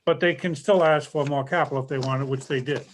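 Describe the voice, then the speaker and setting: Man, town administrator, slightly high voice, measured, hesitant, budget report at a council meeting. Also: fairly even intonation, a little hiss or hum. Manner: measured, reads out numbers with hesitations.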